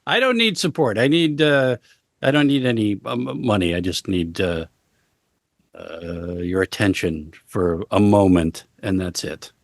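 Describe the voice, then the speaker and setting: A man as an interview guest, talking casually in a halting way with many fillers and deadpan jokes. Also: fairly low pitch, no echo, clean studio sound. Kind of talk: casual conversation.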